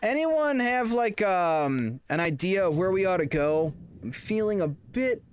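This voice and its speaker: A man's voice: fairly high pitch, lively intonation, unhurried, smooth. A man streaming a horror game live, rambling and joking as he plays and chatting with his viewers. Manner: rambling, jokey, talks to chat. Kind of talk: casual live-stream commentary.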